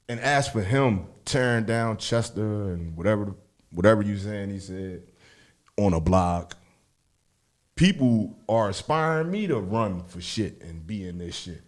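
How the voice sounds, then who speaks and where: A man co-hosting a radio talk show, arguing heatedly, swearing and laughing often. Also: a little slow. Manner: animated, swearing, laughs often, swings loud and high. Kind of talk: heated casual debate.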